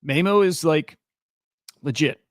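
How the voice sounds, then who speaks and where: A young man runs a casual crypto news stream in a fairly high voice, loose and rambling and quick to swear when he gets worked up. The sound is close and dry, with no room around it. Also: no echo. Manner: loose, profane, rambling, excitable. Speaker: crypto and NFT news host. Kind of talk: casual live-stream commentary.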